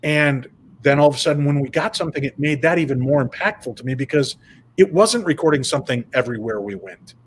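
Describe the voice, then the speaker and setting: A man guesting on an interview over a video call, telling stories in an animated, casual way. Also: fairly high pitch, quick pace, slight background noise. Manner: animated, retells events with quoted dialogue. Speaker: paranormal investigator guest.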